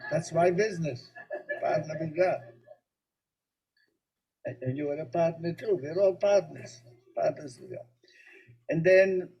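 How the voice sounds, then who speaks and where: Man, rabbi, spiritual teaching talk, mellow dark tone, storytelling, gently humorous. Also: on the high side, husky, rough recording.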